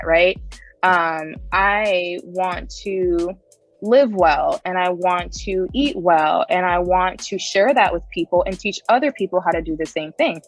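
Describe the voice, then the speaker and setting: A woman's voice: on the low side, normal speed, faint music behind, poor audio. A woman guest on a podcast telling her story in a chatty way, laughing often and tagging her sentences with "right?". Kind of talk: casual interview storytelling.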